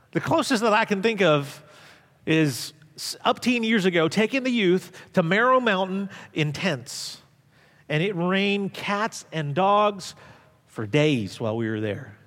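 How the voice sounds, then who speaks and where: A middle-aged man preaching a sermon as pastor, telling stories and swinging from loud emphasis to hushed asides. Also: high-pitched, long reverb tail.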